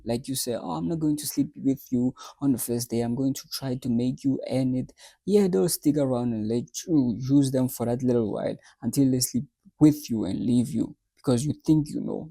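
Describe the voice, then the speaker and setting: Gravelly, husky man lecturing bluntly. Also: mid-range voice, dark tone, no echo. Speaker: reaction video host. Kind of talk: commentary.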